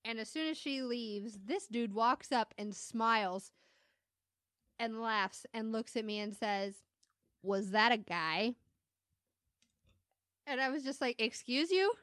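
A woman who is a mother, chatting casually as a podcast co-host, telling animated stories, laughing often and acting out what people said. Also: on the high side, unhurried, clean tone, dry recording, clean studio sound. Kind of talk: casual storytelling chat.

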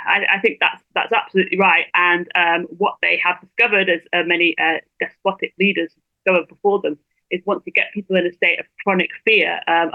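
Brief: rapid, articulate female guest on a dry, phone-quality line. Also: on the low side, dry recording. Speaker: guest blogger. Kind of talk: interview over a phone line.

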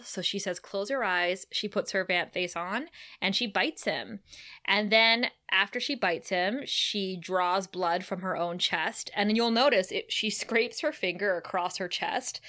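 A woman's voice: mid-range voice, a little slow. A woman co-hosting a podcast, recapping a TV episode in casual chat and laughing often. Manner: laughs often, animated retelling. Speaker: podcast co-host.

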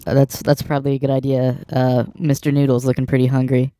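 Man, tabletop player, mellow voice, dry sound, earnest, coaxing. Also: mid-range voice, monotone, fast talker, no echo. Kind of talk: in-character role-play, casual.

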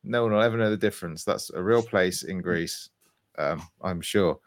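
Jokey male podcast host, lowish voice. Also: normal speed. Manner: jokey, playful banter. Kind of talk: casual gaming podcast chat.

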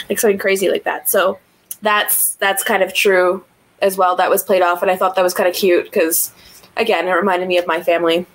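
A woman's voice: lowish voice, fairly even intonation, a little fast, rough recording. A woman co-hosting a film review podcast, chatting casually, swearing freely and laughing often. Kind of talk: casual chat.

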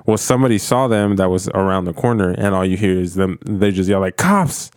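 A man's voice: sits low, fairly even intonation, quick pace, darkish tone, smooth, dry recording, studio quality. A man telling a story in a casual chat among friends, laid-back and profane, laughing easily.

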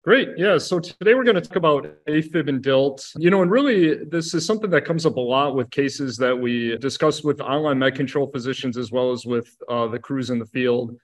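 A man, an assistant medical director, explaining heart rhythm treatment in an educational podcast discussion, steady and methodical with frequent "you know" fillers. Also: medium pitch, a little fast, hardly any pauses.

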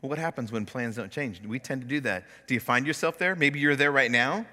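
A man preaching a sermon as pastor, animated, acting out the complaints and prayers he quotes. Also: mid-range voice, a little fast, big-room sound. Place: church sanctuary.

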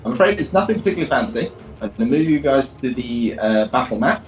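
Rambling game master. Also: male voice, mid-range voice, expressive, fast talker, soft background music, low-quality recording. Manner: rambling, many fillers and restarts. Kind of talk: narrating a tabletop game.

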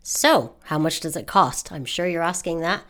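A woman hosting a podcast, giving an upbeat, eager promotional announcement with animated emphasis. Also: on the low side, normal speed. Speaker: podcast host.

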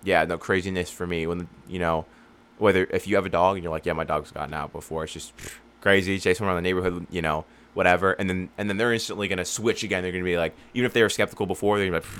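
Deep-voiced man giving rambling business advice. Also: steady tone, rapid-fire, a bit bright. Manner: rambling, acts out customer dialogue. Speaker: lawn care business owner and coach. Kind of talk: casual advice monologue.

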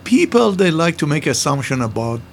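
A man's voice: on the high side, big pitch swings, normal speed, vocal fry, slight background noise. An older man, a former restaurant owner, telling stories in a casual interview, rambling with restarts and broken grammar.

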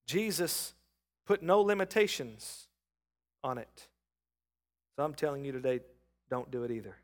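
A middle-aged man preaching a sermon, calling on the congregation and rising from soft talk to loud shouts. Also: medium pitch, lively intonation, a little slow. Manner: calls on the congregation to respond. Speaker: pastor.

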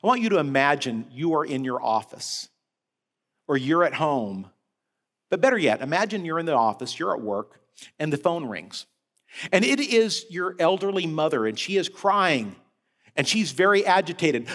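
Man preaching, higher voice, lively storyteller, long chapel reverb. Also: normal speed. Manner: animated storytelling that rises and falls. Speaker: head of a Baptist senior-care ministry, guest preacher. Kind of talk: sermon.

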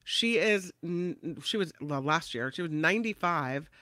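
Man, high voice, bright tone, dry close sound, chatty co-host, casual news banter. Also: animated, unhurried, dry recording. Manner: chatty, laughs easily. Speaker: show co-host.

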